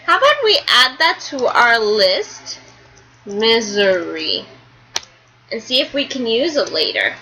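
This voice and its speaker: A woman's voice: fairly high pitch, big pitch swings, slow pace, pushed and bright, poor audio. A woman teacher reading a picture book aloud to a class, stopping to explain words and pictures.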